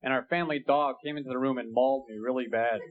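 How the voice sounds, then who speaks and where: A young man doing a stand-up comedy set on a club stage, animated, acting out stories. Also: medium pitch, fast. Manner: animated, acts out a fight story with rising shouts. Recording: dull lo-fi VHS tape with loud hiss. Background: audience laughter and crowd noise.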